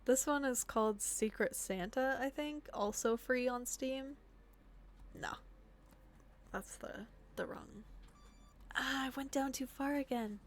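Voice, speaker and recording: Young female streamer, slightly high voice, unhurried, chatty game commentary with sudden whispers. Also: a little hiss or hum. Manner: talks to herself while playing, drops to whispers when sneaking. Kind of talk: casual gameplay commentary.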